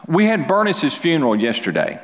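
A man preaching a sermon as pastor, speaking earnestly and conversationally, restarting phrases and pausing for emphasis. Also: fairly high pitch, big pitch swings. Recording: long reverb of a large hall.

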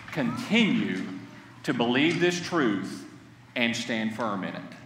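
A pastor preaching with a bright, high voice that swings up and down. He is heard from a distance in a large hall with long echo. He repeats key lines and leads the congregation in saying them back. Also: a little hiss or hum. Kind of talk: sermon. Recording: echoey hall, heard from far off.

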